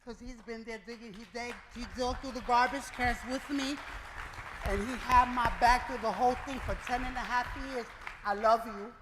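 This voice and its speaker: A man's voice: extremely high pitch, normal speed. Guy giving a keynote, acts out all the dialogue, big echoey hall, noisy in the back. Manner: lively, acts out dialogue in his story. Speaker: keynote speaker. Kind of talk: personal storytelling speech. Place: event hall before a live audience. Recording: reverberant hall with clear noise.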